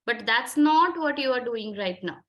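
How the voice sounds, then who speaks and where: A woman's voice: on the high side, animated, moderate pace, fairly bright tone. A woman with an Indian English accent coaching a group discussion session, questioning students insistently and switching between Hindi and English. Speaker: communication skills trainer.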